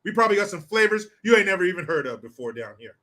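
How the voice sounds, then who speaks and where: A man from the United States rants through political commentary in a high, bright, forceful voice. He is combative and sarcastic, swears freely, and fires off questions to his viewers. He reads their comments aloud between outbursts. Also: big pitch swings, rapid-fire.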